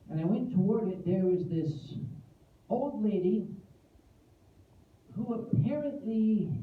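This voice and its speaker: A man spins an animated, self-mocking tale at a convention, unhurried and fond of asides. He's caught from far back in an echoey hall, and the audio is thin and phone-like, with a faint hum of ambience underneath. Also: high voice. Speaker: convention guest speaker. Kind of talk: comic storytelling speech.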